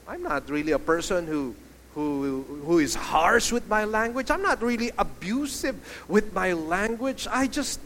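A man preaching a sermon to a congregation, animated, asking the listeners questions and telling stories. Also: fairly high pitch, slight background noise. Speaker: pastor.

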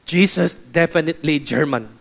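A man's voice: on the high side, normal speed, vocal fry, a bit bright. A man doing a blunt, serious pastor. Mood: matter-of-fact. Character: blunt, serious male pastor, broken English.

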